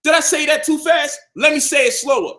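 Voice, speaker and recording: A man's voice: very high voice, a little fast, fairly bright tone. A man from Brooklyn, delivering an emphatic, combative monologue to camera about health and his community, repeating points for stress. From Brownsville, Brooklyn, New York. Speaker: health and conscious-community speaker.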